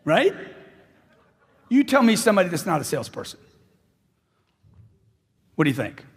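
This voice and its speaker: A man delivers a motivational speech to a crowd in a large hall, his voice pitched high and swinging widely as he hammers points home by repeating them. His tone carries a husky edge, and the room adds a long, trailing reverb. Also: normal speed. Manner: animated, repeats lines for emphasis and acts out dialogues. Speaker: motivational speaker. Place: large hall with live audience.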